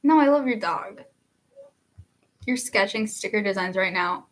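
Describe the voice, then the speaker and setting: A woman's voice: medium pitch, animated, unhurried. A young woman, a singer-songwriter hosting a casual livestream, chatting, laughing often and reading viewer comments aloud.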